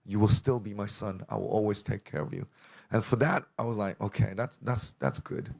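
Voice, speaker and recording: A man's voice: lowish voice, fairly even intonation, moderate pace, creaky, a little mellow. A young man giving a personal testimony to a church congregation, telling his story with emotion and acting out the dialogue.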